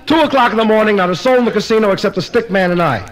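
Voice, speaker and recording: Stand-up comedian, man with a high voice, brisk punchline-driven delivery at a live party. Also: low-quality recording. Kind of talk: live stand-up joke telling.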